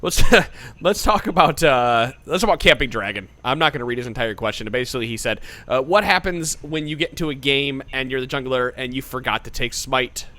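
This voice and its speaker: A man's voice: mid-range voice, a little fast, few pauses, sharp tone. A man in his thirties hosting a casual gaming podcast, joking around and swearing casually. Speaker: podcast host.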